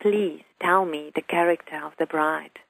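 A woman's voice: deep voice, steady tone, a little slow, creaky, no echo, low-quality recording. A woman who is a talk show guest, earnestly telling a personal faith story and quoting her young son's words.

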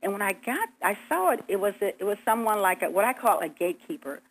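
A woman telling her story in an earnest, vivid way, voice at an ordinary middle pitch. She acts out her own pleas as she goes. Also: very animated, quick pace, low-quality recording. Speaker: guest. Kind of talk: recounting a near-death experience.

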